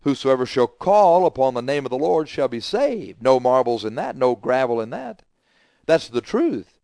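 A middle-aged male preacher delivers his sermon with emphatic, repetitive phrasing. He swings from forceful declarations down to quiet asides. His voice sits at an ordinary pitch, and the sound is dry and close. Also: very animated, moderate pace, vocal fry, no room sound.

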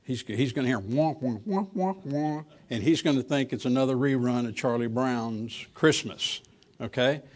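A man preaching a sermon, reading old scripture verses slowly and then talking them over plainly with fillers and restarts. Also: medium pitch, fairly even intonation.

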